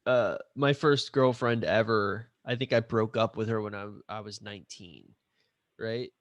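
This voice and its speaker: A man's voice: lowish voice, steady tone, unhurried, dry recording. A man hosting a casual interview as a relationship coach, asking follow-up questions and sharing his own stories.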